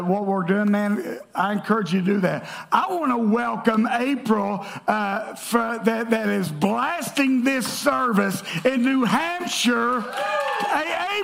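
A man preaching a sermon as pastor, lively and joking, calling out to his congregation in church. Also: high-pitched, vocal fry. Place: church sanctuary.

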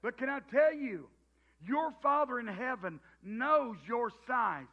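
A man's voice: very high voice, animated, slow. A middle-aged man with a Southern US accent preaching a sermon in a folksy, joking way, often restarting his sentences. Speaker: pastor. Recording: dull lo-fi sound.

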